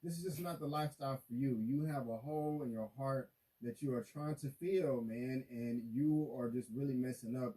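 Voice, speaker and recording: Laid-back man recapping a show, mellow tone. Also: mid-range voice, rough recording. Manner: rambling, full of fillers, acts out characters' lines. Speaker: YouTube reaction host. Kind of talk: casual recap and commentary.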